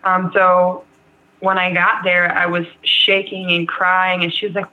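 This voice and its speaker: A woman's voice: lowish voice, fairly even intonation, normal speed. A young adult woman telling her own story as an interview guest, frank and rambling, with lots of "like" and "um". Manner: rambling, frank, heavy use of "like" and "um". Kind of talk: candid personal story in an interview. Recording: tinny phone-like line.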